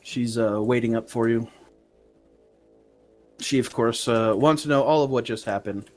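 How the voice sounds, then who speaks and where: A man running a tabletop game for his friends, unhurried and loose, with plenty of "uh" and "like" as he narrates. His pitch is middle for a man. Faint music plays under his voice. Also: fairly even intonation. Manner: casual, hesitant with many fillers, laughs at the players. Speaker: game master.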